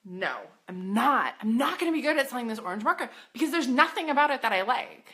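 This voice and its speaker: A woman coaching boutique owners in a casual live stream, bubbly and excitable, chatty and full of "like.". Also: a little high, fast talker. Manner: chatty, says "like" often.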